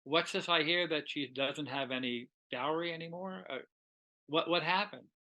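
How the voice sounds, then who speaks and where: A mercenary nobleman who speaks offhandedly about money and backs out politely, played by a male lecturer. The voice is bright and pitched a little above his usual talk. It is a casual put-on. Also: moderate pace, lo-fi sound. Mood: businesslike. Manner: offhand, businesslike. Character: Duke of Burgundy, mercenary nobleman, man.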